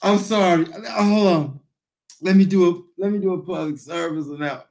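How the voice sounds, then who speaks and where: High-voiced man howling with laughter. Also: normal speed, creaky, a little mellow. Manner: laughing uncontrollably, exclamatory, slangy, repeating himself. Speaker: priest and video reactor. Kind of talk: reaction commentary on a video.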